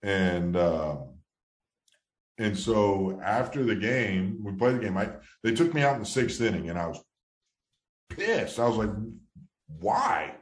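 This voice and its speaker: A man with a very low voice tells a long story in an echoey room. He rambles and restarts often. He speaks casually, as a guest in a relaxed interview. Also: a little slow. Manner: rambling, many restarts, low-key then excited. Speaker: former baseball player, guest.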